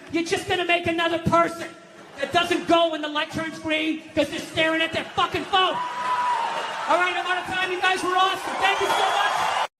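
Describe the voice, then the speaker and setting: Loud high-pitched ranting stand-up comic. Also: male voice, noisy background. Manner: loud ranting, swings from shouting to low mutter. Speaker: stand-up comedian. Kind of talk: stand-up routine. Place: comedy club stage.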